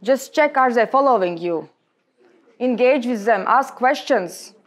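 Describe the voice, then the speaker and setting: A young adult woman with a Latvian accent, giving a lecture on public speaking to a room of colleagues in emphatic, halting non-native English. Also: on the high side, animated. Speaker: guest speaker.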